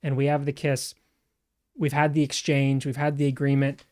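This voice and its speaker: A man co-hosting a casual discussion, speaking in a measured way and reading scripture aloud steadily. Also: mid-range voice, completely flat delivery, a little mellow. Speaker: co-host.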